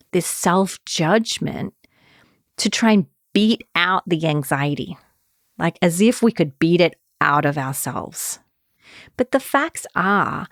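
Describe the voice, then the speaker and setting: Woman, therapist, podcast host, conversational, checks in often, lowish voice, dry close sound. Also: no room sound. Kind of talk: podcast talk.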